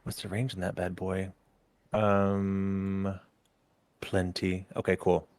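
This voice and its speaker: A man running a tabletop game as game master, pausing with ums while he checks rules. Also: low voice, level tone, a little mellow.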